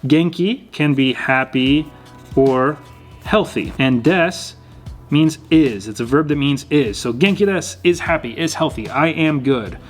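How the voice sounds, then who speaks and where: A young man teaching a language lesson, patiently repeating words slowly and clearly. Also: a little high, faint music behind. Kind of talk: explaining lesson.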